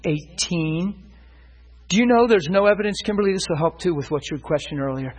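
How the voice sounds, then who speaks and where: A man preaching to a church congregation, telling stories with growing excitement. His voice sits a little high and has a husky edge, and it leaps far higher at the peaks of his stories. It is a lively, animated sermon delivery. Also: a little fast. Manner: animated storyteller, voice climbing high when excited. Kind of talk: sermon with storytelling.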